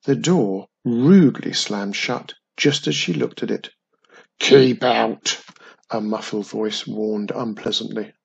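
A man narrating a children's story in a gentle, expressive reading. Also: mid-range voice, gravelly, husky, lo-fi sound.

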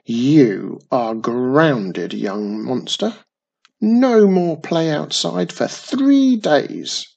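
A woman voicing a stern father slime monster who scolds slowly. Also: a bass voice, breathy edge, muffled recording, heavily acted.

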